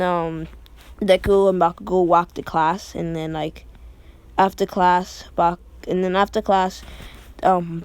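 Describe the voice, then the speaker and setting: A woman's voice: fairly low pitch, clear, resonant tone. Rambling woman improvising a story. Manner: rambling, heavy with fillers and restarts. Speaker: fan storyteller.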